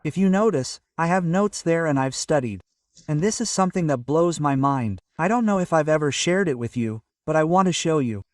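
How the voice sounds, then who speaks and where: A man's voice: a little high, lively intonation, moderate pace, no echo, studio quality, distant mic. A man giving an earnest, casual motivational talk to camera and often checking in with "okay?". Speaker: motivational vlogger. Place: at home early in the morning.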